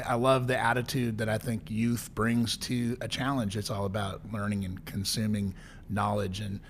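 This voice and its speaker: A man's voice: fairly low pitch, a little hiss or hum. A man co-hosting a podcast, sharing opinions in a reflective way before asking his guest a question. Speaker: podcast co-host. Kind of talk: casual podcast interview.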